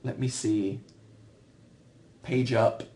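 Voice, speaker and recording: A man's voice: medium pitch, steady tone, very slow, warm tone. A young man hosting a casual livestream, answering viewers in a rambling, self-deprecating way with dry humor. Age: young adult. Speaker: livestream host.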